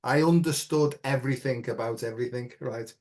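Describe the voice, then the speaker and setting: A man's voice: medium pitch, fairly quick, a little mellow. A middle-aged man as an interview guest, telling a personal story in an earnest, reflective way and often checking in with "right?".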